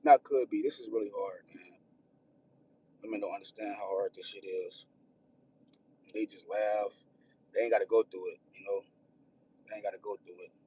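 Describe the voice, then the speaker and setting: A man livestreaming, venting about his troubles while near tears, rambling and repeating himself, swinging from loud outbursts to hushed, almost whispered lines. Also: on the low side, fairly even intonation, moderate pace, pauses often, breathy edge. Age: adult with children. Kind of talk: emotional personal venting. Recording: distant mic, faint room noise.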